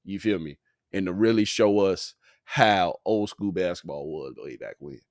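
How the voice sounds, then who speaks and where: A man's voice: deep voice, normal speed, no echo, studio quality. A man hosting a casual sports podcast. He sounds tired and yawns, and his talk is slangy, profane, loose and rambling. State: tired, yawning.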